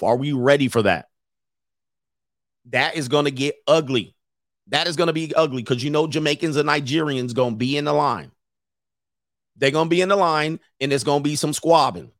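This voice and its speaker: Casting: male host, casual stream commentary, joking and animated, dry close mic. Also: on the high side, no echo. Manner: joking, animated riffing with laughs. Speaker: show host reading chat.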